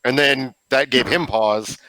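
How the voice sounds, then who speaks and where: A man playing a tabletop game, recounting and acting out his character's reactions in an animated way. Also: mid-range voice, a little slow, no echo, rough recording. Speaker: player. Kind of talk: tabletop game play and recap.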